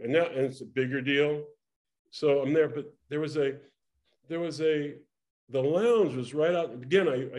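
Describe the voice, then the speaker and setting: An older man, a guest in an interview, tells a lively story from his performing days, laughing often and restarting his sentences. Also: mid-range voice. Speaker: interview guest, former actor and singer. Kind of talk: casual anecdotal storytelling.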